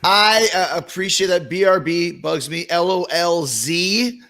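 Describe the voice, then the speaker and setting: A man's voice: sits high, a little slow, bright, forceful tone. A man co-hosting a podcast, chatting casually and with amusement about pet peeves. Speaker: podcast co-host. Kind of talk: casual chat.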